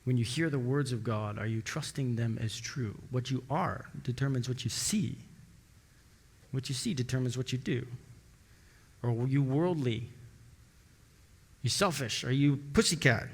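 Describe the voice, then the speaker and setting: A man preaching a sermon as pastor, telling stories and acting out the dialogue with lively shifts of voice. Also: unhurried, pauses often, slightly rough. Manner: storytelling, acting out dialogue with rising pitch. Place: church sanctuary. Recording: long church hall reverb.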